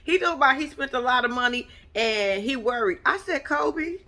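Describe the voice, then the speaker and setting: A woman vlogger talking through a reality TV episode in casual, profane, laugh-filled chat. Her pitch swings widely from line to line, and her voice is bright and sits a little high. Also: fairly quick. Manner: animated, profane, laughing commentary.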